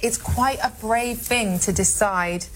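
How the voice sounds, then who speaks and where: A woman's voice: a little high, takes it slowly. A woman with a South London accent explaining her view in a played interview clip. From Britain. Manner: reflective, explaining.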